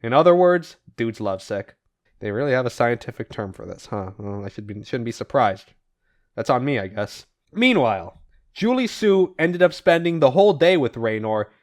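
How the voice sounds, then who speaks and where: A man's voice: medium pitch, animated, moderate pace. A man hosting a casual podcast and recapping comic plots, swearing and laughing as he goes. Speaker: podcast host.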